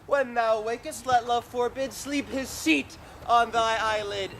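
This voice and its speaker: A woman's voice: fairly high pitch, fairly even intonation, unhurried, a bit bright. A woman playing a mischievous male fairy servant in a stage play, with playful, teasing verse delivery. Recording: outdoor recording with clear noise.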